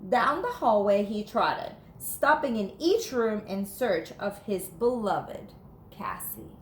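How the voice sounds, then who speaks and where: A woman teacher reading a children's storybook aloud in an animated, playful way. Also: medium pitch, slow, slight background noise. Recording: echoey room.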